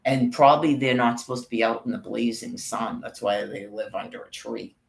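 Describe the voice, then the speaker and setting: A man's voice: medium pitch, brisk, creaky, reverberant, poor audio. A man vlogging on a walk, talking in a rambling, profane monologue and calling out viewers by name. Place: outdoors on a walk.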